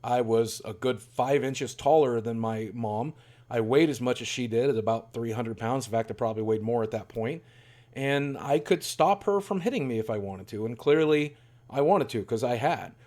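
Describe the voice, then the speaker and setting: A man's voice: medium pitch, normal speed, a little mellow. A man in his forties telling a candid, rambling personal story in a self-deprecating way. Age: 40s. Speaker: YouTuber.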